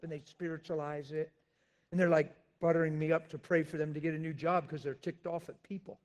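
A high-voiced male pastor preaches with blunt, confessional candor. He shouts out his points and then drops low and quiet. His high pitch carries through both. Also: level tone, a little fast. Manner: swings from loud shouting to quiet storytelling. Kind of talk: sermon.

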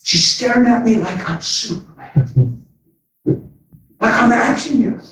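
A man telling a story as a preacher, animated and excitable, often calling people "man". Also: sits high, measured pace. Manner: animated, says "man" often, sped-up bursts. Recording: echoey hall from far off, faint noise.

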